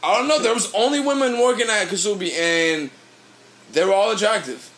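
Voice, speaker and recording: A man's voice: sits high, a little fast, fairly bright tone. A young man, a podcast co-host, telling a loose, rambling story in casual chat, swearing freely.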